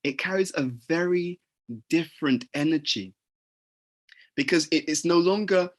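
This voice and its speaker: Speaking at a measured pace with long pauses, a leadership teacher whose voice sits on the high side gives a casual talk. He tends to restart sentences and dramatize example exchanges between people.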